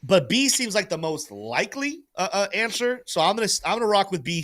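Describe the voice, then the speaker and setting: A man's voice: high voice, brisk. A man hosting a livestream crypto show, giving market commentary and urging viewers to like and join. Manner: animated, salesy, pushes viewers to like and join.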